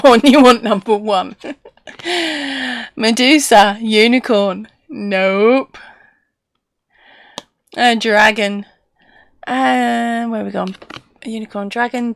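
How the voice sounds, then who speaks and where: A woman's voice: fairly high pitch, a bit bright, no room sound, clean studio sound. A woman hosting a casual live stream, chatty and laughing often as she reads out viewer comments.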